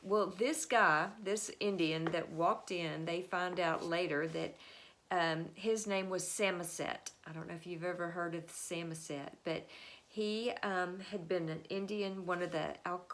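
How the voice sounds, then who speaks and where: A woman giving a casual spoken history lesson, telling it as a chatty story full of fillers and quick bits where she voices the people in it. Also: on the low side, steady tone, fairly bright tone, a little hiss or hum. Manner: acts out the historical figures with quick changes of voice.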